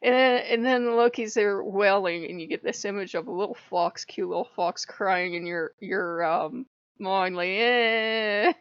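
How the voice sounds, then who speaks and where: A woman's voice: medium pitch, steady tone, moderate pace, no echo. A woman hosting her own spiritual vlog, talking in a rambling, profane way and laughing often. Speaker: spiritual channel host. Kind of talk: casual vlog monologue. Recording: dull lo-fi, dry.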